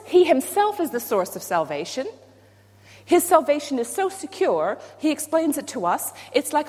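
A woman preaching a sermon, playful and self-deprecating, with animated emphasis. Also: sits high. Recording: long hall reverb.

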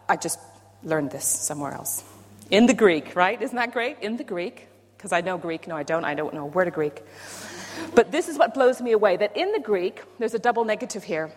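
A woman preaching a sermon, playful and self-deprecating, with animated emphasis. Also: medium pitch, fast. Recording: long hall reverb.

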